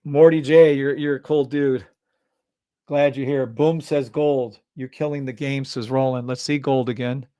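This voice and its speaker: A man hosting a live trading stream, loud and hyped, cursing freely and dropping from shouts to mutters. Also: mid-range voice, fairly even intonation, a little slow, smooth, no echo.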